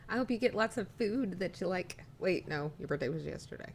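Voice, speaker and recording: A woman's voice: lowish voice, animated, brisk, few pauses, a little hiss or hum. A woman live streaming, chatting casually and rambling, reading viewer messages aloud as she talks.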